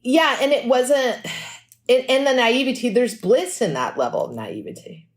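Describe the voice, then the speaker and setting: A woman musician telling stories in a casual podcast interview, lively and chatty, acting out what people said. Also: on the high side. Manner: animated storytelling, acts out quotes; fast and chatty, frequent "like". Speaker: musician guest.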